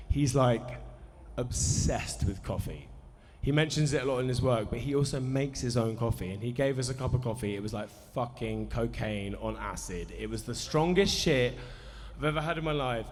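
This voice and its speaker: A man's voice: medium pitch, normal speed, darkish tone, slight background noise. A man in his thirties telling a rambling, self-deprecating, sweary story to a live cinema audience, nervous with a dry mouth. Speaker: musician introducing a film screening. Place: cinema hall at a festival. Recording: live hall reverb, faint crowd ambience.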